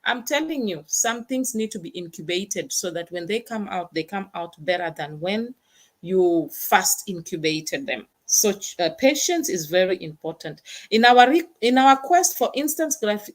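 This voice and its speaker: A woman's voice: medium pitch, lively intonation, moderate pace. A woman hosting a motivational talk, stressing points by repeating words. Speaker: host.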